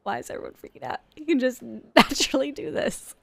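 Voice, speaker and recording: A woman streaming a video game live, cursing at her companions and laughing, sometimes shouting in panic. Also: sits high, a little fast, creaky, dry recording. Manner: swearing, exasperated, laughing; shouts in panic at tense moments. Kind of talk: live gameplay commentary.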